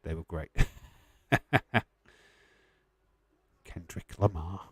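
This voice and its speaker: Low-voiced, chatty male streamer. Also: very slow, breathy edge, no echo. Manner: chatty and jokey, laughs often, swears casually. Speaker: streamer hosting a wrestling watch-along. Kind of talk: casual live-stream chat, reading viewer questions.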